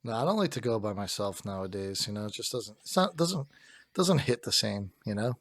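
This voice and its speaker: A young man from North Jersey co-hosting a podcast, jokey and animated as he tells anecdotes in casual chat. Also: lowish voice, a little fast, no room sound, clean studio sound. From North Jersey, USA. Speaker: podcast co-host.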